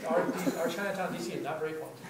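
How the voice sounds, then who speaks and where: A man telling stories to a live audience in a chatty, animated way, full of fillers. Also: a little high, rapid-fire, far from the mic, heavy background noise. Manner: animated, chatty, heavy use of "like". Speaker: storyteller at a spoken-word event. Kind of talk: live storytelling talk. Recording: very echoey room taped from afar.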